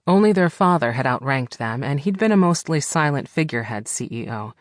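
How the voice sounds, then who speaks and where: A man narrating a contemporary romance audiobook in a steady, even storytelling manner. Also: mid-range voice, fairly quick, no room sound, studio quality. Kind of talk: scripted narration.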